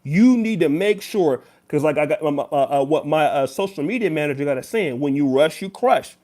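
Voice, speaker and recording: High-voiced man lecturing viewers. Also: animated, a little fast, warm tone. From United States. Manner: emphatic, lecturing, speaks straight to the viewer. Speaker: YouTuber. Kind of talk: direct-to-camera commentary.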